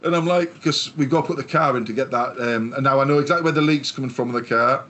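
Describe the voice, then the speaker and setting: A man's voice: mid-range voice, quick pace, sharp tone. A man from England co-hosting a podcast, telling long sweary stories in casual chat. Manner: sweary, rambling storyteller. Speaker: podcast co-host.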